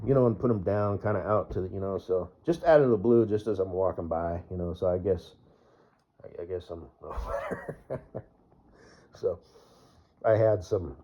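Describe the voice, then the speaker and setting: A man's voice: deep voice, dark tone. A man vlogging in a casual, rambling way, full of fillers and laughing at his own jokes. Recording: dull lo-fi recording.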